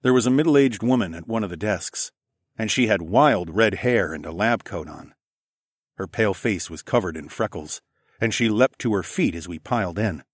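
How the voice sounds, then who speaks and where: A man narrating a first-person story in a steady, even storytelling voice. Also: on the low side, normal speed, slightly rough, no echo, studio quality. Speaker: audiobook narrator.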